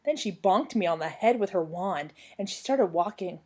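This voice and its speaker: A young woman reading a children's book aloud at home on her couch, telling the story to a former student with lively expression. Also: mid-range voice, moderate pace.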